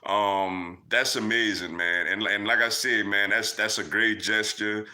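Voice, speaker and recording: A man's voice: lowish voice, fairly even intonation, unhurried, sharp tone. Laid-back man hosting a live chat. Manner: loose and conversational, many fillers like "man" and "yo". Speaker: livestream host answering chat.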